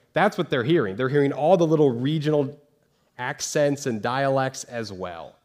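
A man's voice: mid-range voice, darkish tone. A pastor giving a casual, conversational sermon to his congregation, full of fillers and rhetorical questions.

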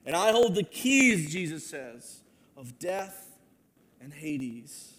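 A man preaching a sermon, moving between loud proclamation and hushed, earnest asides. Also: on the high side, very animated, slow pace. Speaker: pastor.

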